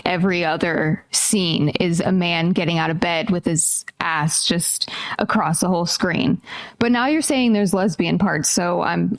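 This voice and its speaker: A woman's voice: fairly low pitch, no echo. A woman in her thirties co-hosting a podcast, telling stories in a chatty way with lots of restarts. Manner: chatty, storytelling with many restarts. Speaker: podcast co-host. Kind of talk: casual chat.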